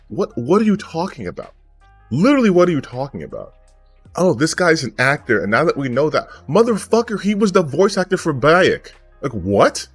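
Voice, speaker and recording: A man's voice: mid-range voice, fairly bright tone. A man giving a heated, profane commentary rant, angry and sarcastic. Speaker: gaming commentary YouTuber.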